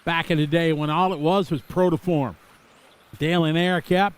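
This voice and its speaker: A man's voice: fairly high pitch, fairly even intonation, moderate pace, smooth. A middle-aged man from Wisconsin giving live, chatty commentary on a radio-controlled car race, rambling into asides between calls.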